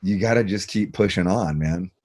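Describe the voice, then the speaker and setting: A middle-aged man hosting a podcast, telling stories in a casual, profane, animated way and acting out quoted dialogue. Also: deep voice, moderate pace. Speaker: podcast host. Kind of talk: casual storytelling conversation.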